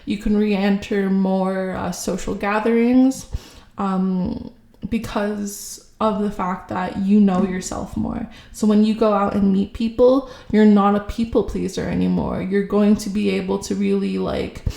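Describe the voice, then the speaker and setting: Woman, tarot reader, slow musing delivery with gravelly fry, echoey room. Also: medium pitch, steady tone, dark tone. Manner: slow, musing, many fillers. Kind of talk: casual intuitive reading to camera.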